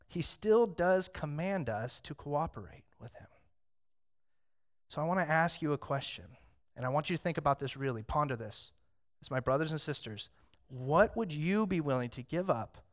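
A pastor in his thirties preaches a sermon in a conversational, storytelling style, shifting from hushed reflection to loud excitement. His voice is on the high side.

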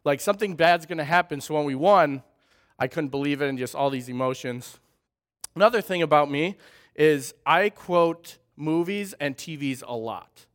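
A man's voice: fairly high pitch, expressive, a little slow. A man in his thirties from southern Wisconsin with a light Wisconsin accent, giving a friendly, humorous church talk with personal stories. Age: 30s. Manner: friendly, humorous, chatty storytelling. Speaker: guest speaker at a church. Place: church sanctuary.

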